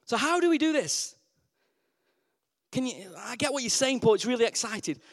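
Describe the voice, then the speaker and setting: A man preaching a lively sermon, asking the congregation questions and repeating his key words for emphasis. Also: very high-pitched, moderate pace. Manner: call-and-response questions, emphatic repetition.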